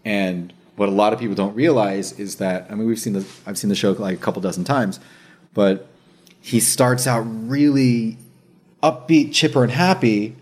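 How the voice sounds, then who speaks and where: A man hosting a casual chat, telling a story with energy, swearing and acting out what others said. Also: fairly low pitch. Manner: animated, slangy storyteller who swears and says dude and bro; acts out others' words in quick asides.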